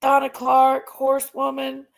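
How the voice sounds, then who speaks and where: The delivery is completely flat and a little slow: a high-pitched woman with vocal fry, hosting a laid-back livestream. She names viewers, thanks members, and vents about her sister.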